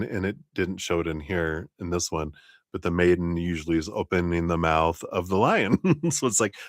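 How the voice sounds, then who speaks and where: A man giving a live-stream tarot reading, talking in an animated way about energy and gratitude. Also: low-pitched, no echo, clean studio sound. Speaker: tarot reader.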